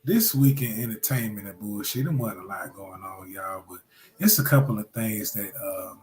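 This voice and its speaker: A man's voice: lowish voice, normal speed, a little mellow. Joking man hosting a podcast, echoey room. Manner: joking, loose, crude banter. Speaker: podcast host. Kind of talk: casual podcast chat.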